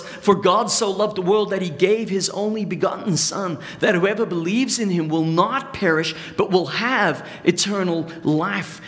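A middle-aged man giving a sermon as a pastor, earnest and conversational, slowing down and pausing on key phrases. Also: high voice, a bit bright.

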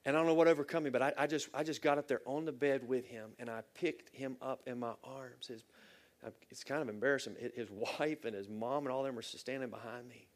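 A middle-aged male pastor preaching a heartfelt sermon, telling a personal story with swings from loud bursts to near whispers. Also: mid-range voice, steady tone, brisk. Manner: earnest, emotional storytelling with sudden loud bursts and soft, near-whispered lines.

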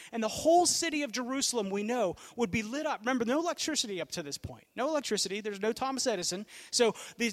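A young man preaching a sermon as pastor, telling the story in a casual way and shifting between loud stretches and hushed ones. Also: very high voice.

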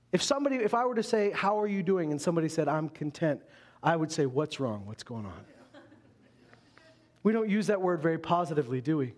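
A man preaching a sermon as pastor, earnest and repeating phrases for emphasis. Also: on the high side.

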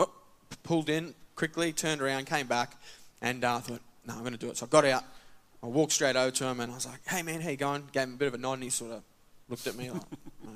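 A man, a church member casually telling a testimony and acting out the dialogue. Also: mid-range voice. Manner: casual, animated, acts out dialogue. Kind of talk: testimony storytelling.

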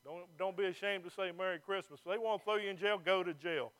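High bright preacher man. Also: fast talker, hardly any pauses, a faint crowd. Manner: folksy, joking, fervent preaching. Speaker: pastor. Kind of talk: sermon. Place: church.

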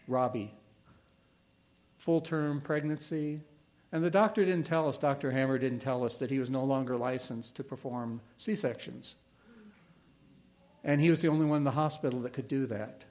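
A middle-aged man preaching a sermon as a pastor, earnest and emphatic, pausing and repeating key words. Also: medium pitch, a little mellow.

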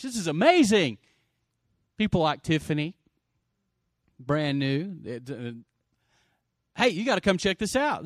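A man preaching a sermon, calling for amens and swinging from loud exclamations to quiet asides. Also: a little high, no room sound, clean studio sound. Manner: calls for audience response. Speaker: pastor.

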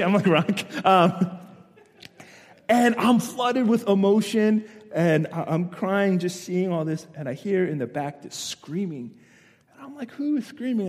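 A man preaching a sermon, telling stories animatedly and building to loud, emphatic points. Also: sits high, in a large hall. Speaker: pastor.

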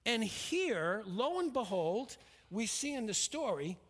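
A man with a high-pitched voice preaches a verse-by-verse sermon, pressing his points hard and then dropping to a hush. His voice rings with the long reverb of a large hall. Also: sing-song, takes it slowly. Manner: emphatic, swings between raised and hushed delivery. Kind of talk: expository sermon on scripture.

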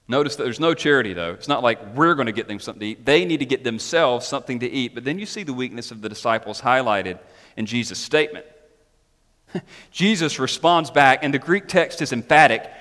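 A man preaching a sermon, animated and emphatic, mixing scripture reading with chatty asides and questions to the congregation. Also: mid-range voice. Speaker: pastor. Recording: long hall reverb.

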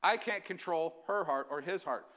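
A man preaching a sermon as pastor, energetic and often asking the congregation questions. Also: on the high side, moderate pace.

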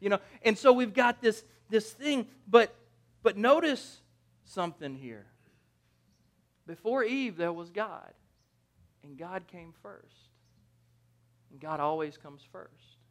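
A man with a high voice delivers a sermon in a loose, conversational way. He jokes, keeps asking his listeners "right?" and often restarts or corrects himself mid-sentence. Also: very animated, slow, pauses often. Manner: conversational, jokey, asks the audience "right?". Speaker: pastor.

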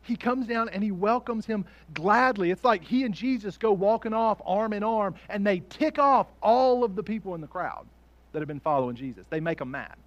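A pastor with a high voice preaches an animated sermon, often laughing and acting out voices as he swings from hushed asides to loud peaks. The recording sounds muffled.

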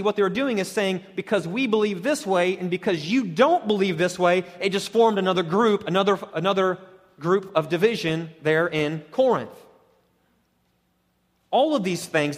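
Male pastor, animated sermon delivery with hushed dips, reverberant hall sound. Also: high voice. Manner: animated, acts out quoted voices, drops to a hushed tone for emphasis.

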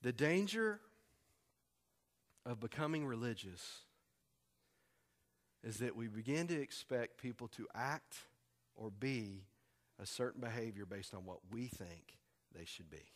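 Pastor preaching conversationally. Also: male voice, medium pitch, lively intonation, unhurried, long pauses. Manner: conversational, emphatic preaching with repetition. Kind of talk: sermon.

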